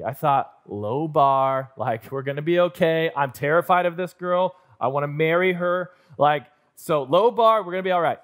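A high-voiced young man preaching to his church, spinning a self-deprecating story with lively, acted-out moments. He plays up his own nerves for laughs. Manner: self-deprecating, animated storyteller acting out scenes. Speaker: pastor. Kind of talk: sermon storytelling. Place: church auditorium.

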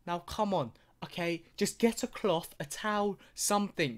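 A man's voice: high voice, expressive, normal speed, few pauses, fairly bright tone. A young man ranting through a reaction video, swearing constantly and mocking what he sees.

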